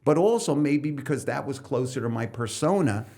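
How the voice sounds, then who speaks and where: A middle-aged man from New York City, a stand-up comedian and coach, talking loosely as a podcast guest and breaking into loud comic bits mid-thought. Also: medium pitch, expressive, normal speed. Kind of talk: loose conversational interview talk.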